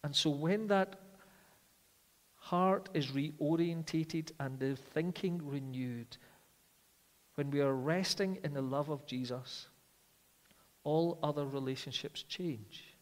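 Male preacher, earnest sermon delivery that drops to quiet, slow emphasis; long hall reverb. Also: on the high side. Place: church.

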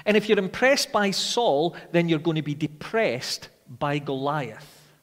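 A man preaching a sermon with dramatic rhetorical questions, rising loud and falling quiet. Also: fairly high pitch, lively intonation, a little slow. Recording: long hall reverb.

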